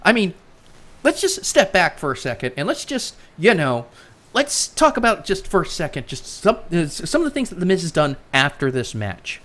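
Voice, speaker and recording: A woman's voice: lowish voice, sing-song, moderate pace. A woman hosting a casual chat podcast, sarcastic and rambling, often stuttering as she talks. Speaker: podcast host.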